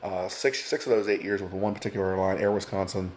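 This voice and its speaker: A man's voice: low-pitched, fairly even intonation, fast, darkish tone, a little hiss or hum. Rambling man telling travel stories. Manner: rambling, many fillers, addresses viewers as folks. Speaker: former flight attendant telling stories. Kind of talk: casual storytelling to camera.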